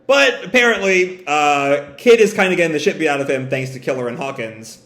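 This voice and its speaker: A man casually reading through a comic chapter and commenting on it, animated and swearing now and then. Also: a little high, a little fast. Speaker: comic reader and reviewer. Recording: roomy echo.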